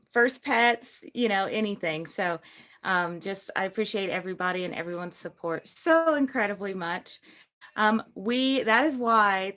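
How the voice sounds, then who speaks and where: A woman's voice: mid-range voice, a bit bright. A woman hosting a casual livestream about her gecko breeding business, chatty and rambling, cooing over her geckos. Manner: rambling with many ums and likes.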